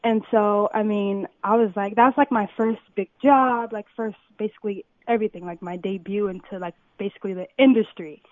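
A young woman from Compton, a model, telling stories excitedly with many fillers in an interview. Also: mid-range voice, no echo. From Compton, California. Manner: excited, filler-heavy storytelling. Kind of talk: phone interview, casual storytelling. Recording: tinny phone line.

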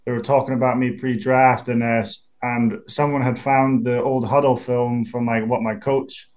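A man in his twenties with a Scottish accent, a pro football punter chatting in an interview, relaxed and quick to laugh. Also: mid-range voice. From Scotland. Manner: laid-back, chatty, laughs easily, many restarts. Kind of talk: casual interview.

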